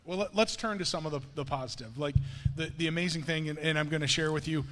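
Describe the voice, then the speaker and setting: A man leads a conversational sermon and tells his stories in an animated way, stumbling and restarting as he goes. His voice sits a little higher than most men's. The hall around him carries a long, ringing reverb. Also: fast talker. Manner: animated storytelling, many restarts. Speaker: pastor. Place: church sanctuary.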